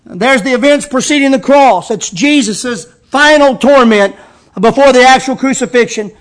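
A man preaching a sermon as pastor, reading scripture slowly and with emphasis. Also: very high-pitched, fairly bright tone.

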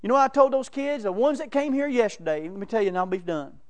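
A man's voice: very high-pitched, quick pace. A man preaching a sermon, telling folksy stories and laughing between them. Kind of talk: sermon with storytelling.

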